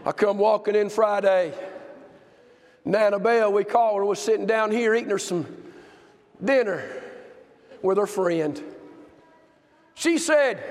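Pastor guy, super high voice, shouts then goes quiet, big echoey church. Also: a little slow, pauses often. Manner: impassioned storytelling, swinging from shouts to hushed tones. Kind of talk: sermon. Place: church sanctuary. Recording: long hall reverb.

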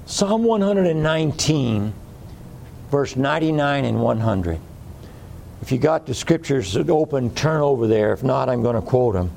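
Gravelly, folksy male preacher. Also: mid-range voice, lively intonation, unhurried, a little mellow, slight background noise. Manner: folksy, repeats phrases for emphasis. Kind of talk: sermon.

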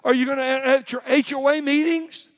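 A man's voice: very high-pitched, steady tone, normal speed. A pastor preaching a conversational sermon to his congregation, acting out everyday quotes as he goes. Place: church sanctuary. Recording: reverberant church hall.

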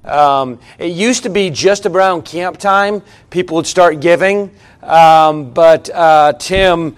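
A man's voice: a little high, takes it slowly, clean tone. A man serving as pastor, talking to the congregation in a conversational way. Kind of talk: sermon announcements.

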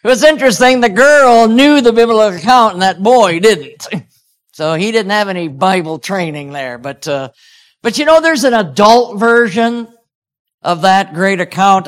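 A man's voice: high voice, lively intonation, normal speed. A man preaching a sermon, praying and telling stories in an earnest way. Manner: earnest, storytelling with chuckles.

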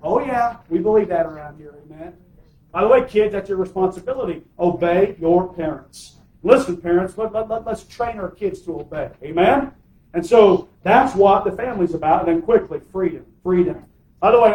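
A man's voice: high-pitched, normal speed, a little mellow, roomy sound, far from the mic, rough recording. A man preaching a sermon as pastor, emphatic, calling for amens from the congregation. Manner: emphatic, call-and-response preaching.

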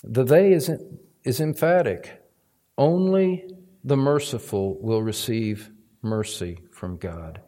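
A man's voice: medium pitch, slow, warm tone. A male pastor preaching a sermon, emphatic, climbing to stressed points and repeating words for weight. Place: church sanctuary.

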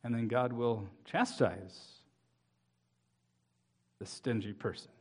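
A man's voice: medium pitch, slow, a little mellow, slightly rough. A man preaching a sermon as pastor, reading scripture aloud and speaking to the children in the congregation with rising emphasis.

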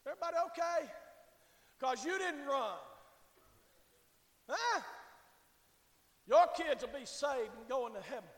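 Male pastor, fiery revival preaching that swings from quiet to shouting, high-pitched, roomy church echo. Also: expressive, unhurried, long pauses. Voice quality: shouting Southern preacher, swings from hushed to hollering. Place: church sanctuary. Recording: echoey church hall reverb.

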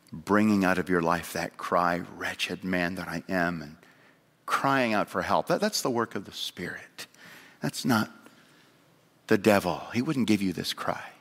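A man preaching a sermon in earnest, moving between raised emphasis and hushed appeals. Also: fairly low pitch, a little slow, long pauses. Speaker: pastor. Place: church sanctuary. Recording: long church hall reverb.

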